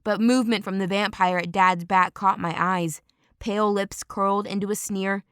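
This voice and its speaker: A woman narrating a first-person audiobook in a steady, dramatic storytelling manner. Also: mid-range voice, moderate pace, smooth, dry recording, clean studio sound.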